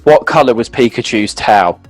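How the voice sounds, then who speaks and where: A man's voice: mid-range voice, lively intonation, normal speed, soft background music. A man co-hosting a casual chat, talking animatedly, laughing often and leaning on "like" as a filler. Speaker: co-host.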